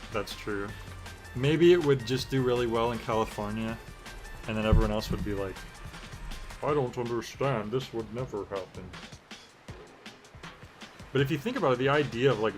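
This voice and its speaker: A man streaming a video game, chatting in an easygoing, rambling way with lots of fillers. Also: mid-range voice. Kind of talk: casual gameplay commentary. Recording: game music playing behind.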